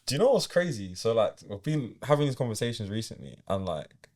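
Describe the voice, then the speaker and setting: A young man from England, a podcast guest chatting casually and quickly, full of fillers. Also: medium pitch. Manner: quick and animated, heavy use of "like". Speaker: guest, business owner.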